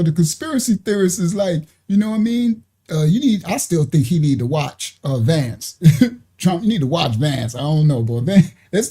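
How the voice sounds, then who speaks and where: Her voice is lowish, dark and a little rough. She's hosting a live reaction stream from her computer with her screen shared, chatting, mocking, laughing a lot and leaning heavily on slang.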